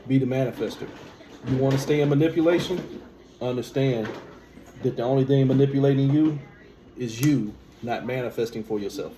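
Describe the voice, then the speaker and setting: Male spiritual teacher, mellow mid voice, emphatic rhetorical delivery, roomy recording. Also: medium pitch, a little fast. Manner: emphatic, rhetorical questions, repeats key phrases. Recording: echoey room with faint background hum.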